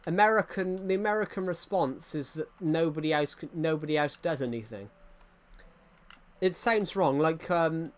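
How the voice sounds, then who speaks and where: A young man with an English accent, a bit higher-voiced than most men, chats loosely to his viewers while he plays. He repeats himself and restarts his sentences as he rambles from point to point. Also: normal speed. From England. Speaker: gaming streamer. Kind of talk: casual chat while gaming.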